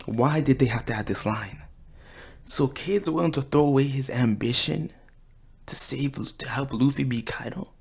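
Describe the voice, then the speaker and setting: Excitable, slangy man with a gravelly voice. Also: mid-range voice, normal speed. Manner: excitable, slangy and profane, acting out quotes. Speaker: anime and manga reviewer. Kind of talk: casual chapter review.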